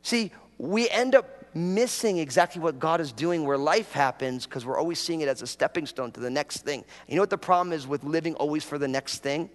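A man's voice: a little high, brisk, few pauses, long reverb tail. A man preaching a sermon as pastor, talking casually and drawing the congregation in with prompts and jokes.

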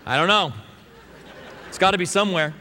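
A man's voice: high-pitched, a little fast, bright, forceful tone, in a large hall, a faint crowd, slight background noise. A man preaching a sermon in a church, earnest and conversational, often restarting his phrases. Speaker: pastor. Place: church sanctuary.

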